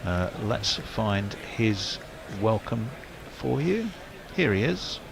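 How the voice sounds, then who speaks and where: A man's voice: lowish voice, big pitch swings, takes it slowly, gravelly, noisy background. A man doing ball-by-ball cricket commentary in a wry, chatty, wordy way.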